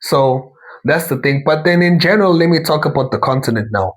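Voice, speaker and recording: A man's voice: fairly high pitch, animated, a little fast, poor audio. A young man from South Africa hosting a talk show, talking casually in a rambling monologue full of asides and self-corrections.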